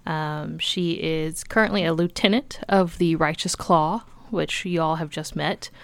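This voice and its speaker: A woman introducing her character as a player in a tabletop game, relaxed with some fillers. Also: sits low, measured pace, gravelly, no echo. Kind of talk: casual tabletop game chat.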